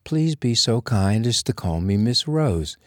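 A man's voice: medium pitch, big pitch swings, unhurried, no room sound, clean studio sound. A man voicing a prim young Boston schoolmarm. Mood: prim, indignant. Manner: stiff, formal, reproachful.

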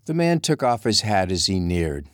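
A man reading a Western romance novel aloud as narrator, steady and measured, close to the mic. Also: sits low, no echo. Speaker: audiobook narrator. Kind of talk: scripted narration.

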